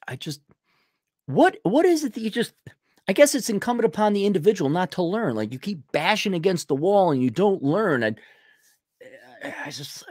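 A man's voice: a little high, a little mellow, no room sound, studio quality. A man in his thirties hosting a podcast, rambling and sarcastic in casual livestream commentary. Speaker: podcast host.

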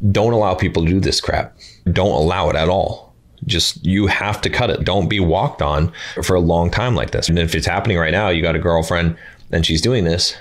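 A man giving blunt dating advice to his viewers in a casual monologue, acting out quoted lines. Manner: blunt, emphatic, acts out quoted lines with higher pitch.

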